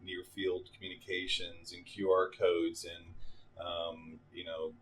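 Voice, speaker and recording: A man speaking as a marketing director guest in a casual interview, relaxed with many fillers and restarts. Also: sits low, unhurried. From Dallas.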